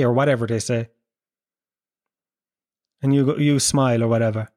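A man's voice: mid-range voice, steady tone, moderate pace, pauses often, a little mellow, no room sound, clean studio sound. A middle-aged Irish man doing a crude, rambling comedic monologue, acting out voices as he goes.

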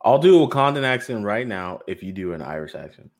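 Low-voiced joking male podcast host. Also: sing-song, fast talker. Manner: joking, laughs easily, offhand. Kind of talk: casual roundtable chat.

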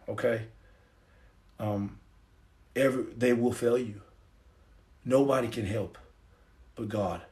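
A middle-aged man hosting a livestream, giving his testimony in an earnest, preachy, casual way into his phone. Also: mid-range voice. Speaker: livestream host.

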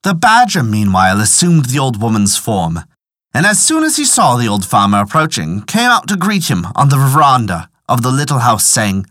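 Expressive male storyteller. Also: mid-range voice, normal speed, dry recording, clean studio sound. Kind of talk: scripted folk tale narration.

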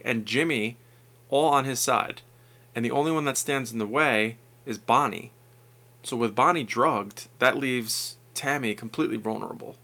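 A man's voice: mid-range voice, pushed and bright. A man co-hosting a true-crime podcast in casual chat, teasing his partner and laughing often. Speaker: podcast co-host.

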